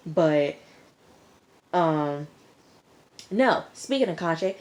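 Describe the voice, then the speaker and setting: A woman's voice: on the low side, lively intonation, slow pace, long pauses, a little mellow. A woman recapping a TV episode in a casual, chatty way, often talking back to the characters. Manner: chatty, talks back to characters with mock quotes. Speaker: TV episode reviewer.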